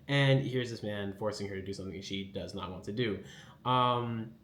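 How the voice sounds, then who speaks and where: Casual male recap host, lowish voice, echoey room, rambling delivery. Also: normal speed, a bit bright. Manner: rambling, lots of fillers and acted quotes.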